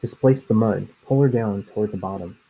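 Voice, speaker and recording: Man reading grounded elephant matriarch, gravelly and dark, firm and caring. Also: on the low side, brisk, rough recording. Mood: commanding. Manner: calm and commanding. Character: steady female elephant matriarch, protective.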